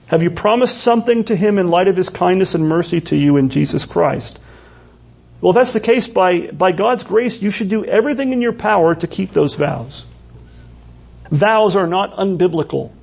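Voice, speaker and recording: A man's voice: sits high, lively intonation, moderate pace, vocal fry, a little mellow, breathy edge. A man preaching a sermon in a church, earnest and full of rhetorical questions. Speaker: pastor.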